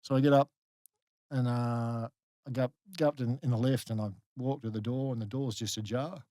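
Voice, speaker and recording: The clean studio audio, free of echo, captures a middle-aged Australian ex-rugby league player at a moderate pace and medium pitch. Chatting in a casual podcast interview, he tells stories animatedly with many fillers and restarts.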